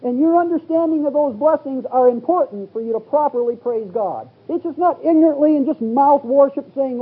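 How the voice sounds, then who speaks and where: A man's voice: extremely high pitch, brisk, hardly any pauses. A man preaching a Bible teaching sermon, reading scripture aloud and explaining it verse by verse. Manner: reads scripture in King James wording, rising to exclaim. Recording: phone-like, lo-fi sermon recording.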